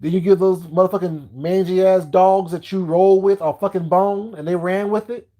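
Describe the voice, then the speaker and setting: A man with a fairly high voice ranting on a live stream. He talks to his chat bluntly and heatedly, swearing freely as he goes. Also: fairly even intonation, normal speed, warm tone.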